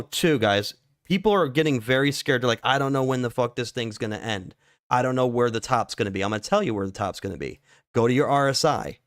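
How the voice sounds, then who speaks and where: In a dry, echo-free room, a laid-back man with a medium-pitched voice hosts a casual stock market livestream. He swears freely and peppers his talk with "dude" and "like."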